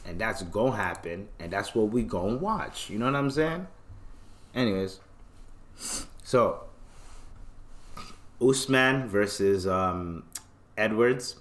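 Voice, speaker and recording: A man's voice: lowish voice, animated, slow pace, long pauses, a bit bright. A man from Canada hosting a podcast in casual chat, joking, slangy and self-mocking. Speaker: podcast host.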